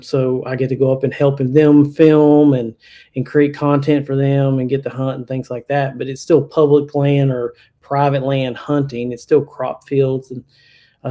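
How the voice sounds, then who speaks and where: A Kentucky man who hunts is a guest on a podcast, chatting casually in a plainspoken interview style full of fillers and restarts. His medium-pitched voice is warm and unhurried, with little pitch movement.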